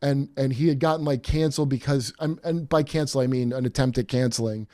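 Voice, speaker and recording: A man hosting a podcast in casual chat, rambling and animated with many fillers and restarts. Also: mid-range voice, fairly quick, dry recording, studio quality. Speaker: podcast host.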